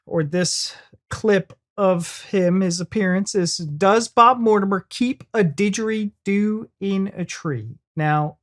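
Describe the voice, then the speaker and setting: A man's voice: high-pitched, takes it slowly, a bit bright. An American man hosting a reaction video, chatting casually and joking with his co-host. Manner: playful, jokey banter.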